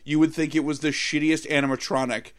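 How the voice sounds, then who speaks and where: A man with a fairly high voice, running a casual film chat as a podcast co-host. He swears freely and riffs with crude, irreverent jokes. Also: fairly even intonation, brisk.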